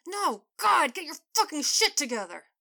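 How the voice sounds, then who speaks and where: A woman voicing a loud, excitable male football fan who whoops at the TV. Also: sits high, brisk, voice pushed up. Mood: yelling excitedly. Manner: whooping, yelling at the TV.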